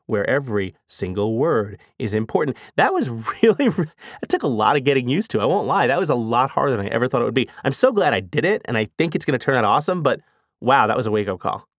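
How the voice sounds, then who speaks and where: A man in his forties talks about his work in a quick, energetic rush, his pitch jumping all over the place. He leans on "you know" and "like" as he goes. The sound is dry and close, with no room echo. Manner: fast, energetic talker who fills speech with "you know" and "like". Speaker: author. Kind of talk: casual spoken reflection.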